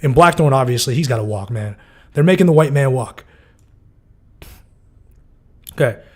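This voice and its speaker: Guy rambling through a tv episode recap, lots of like and um, swears a ton, mid pitch voice. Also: animated, moderate pace, slightly rough. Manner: loose and chatty, heavy on fillers and swearing. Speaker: TV show recapper. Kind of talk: casual episode breakdown.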